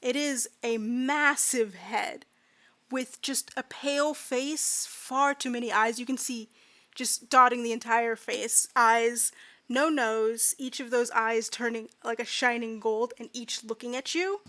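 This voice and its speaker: A woman's voice: a little high, fairly even intonation, measured pace, a bit bright, no echo. A woman game master casually narrating a tabletop game, with many fillers in her descriptions.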